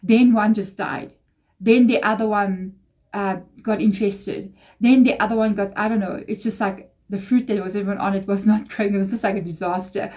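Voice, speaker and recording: A woman with a mellow, warm tone talks through a tarot reading in a loose, rambling way. She confides in her viewers and drifts into emotional personal asides. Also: medium pitch, fairly even intonation, moderate pace. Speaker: tarot reader. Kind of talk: casual tarot reading monologue.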